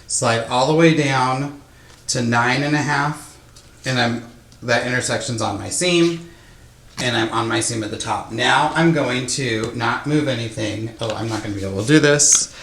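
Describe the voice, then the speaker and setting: A man's voice: medium pitch, normal speed, fairly bright tone, reverberant. A man hosting a casual quilting tutorial, chatty and self-deprecating, talking through each step with fillers as he works with his hands. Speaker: quilting teacher, host. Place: sewing room, indoors. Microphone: microphone close to his face.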